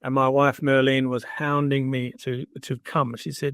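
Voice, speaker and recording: A man's voice: mid-range voice, level tone, fairly quick, few pauses, no room sound. An older man, a podcast guest, telling a long personal story in conversation and acting out the dialogue he quotes. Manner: anecdotal, acts out quoted dialogue. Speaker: guest entrepreneur.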